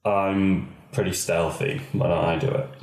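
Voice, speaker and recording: A man's voice: deep voice, level tone, unhurried, darkish tone. A man playing a tabletop game, chatting casually. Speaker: player. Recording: echoey room.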